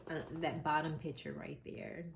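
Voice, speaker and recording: Middle-aged woman with a low voice, rambly emotional story to camera, lots of fillers. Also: very animated, moderate pace, gravelly, background noise. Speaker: vlogger and mother.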